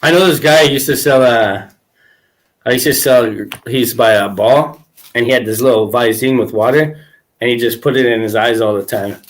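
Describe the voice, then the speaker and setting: A man's voice: medium pitch, normal speed. A man hosting a podcast, telling crude stories in casual chat and laughing often. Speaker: podcast host.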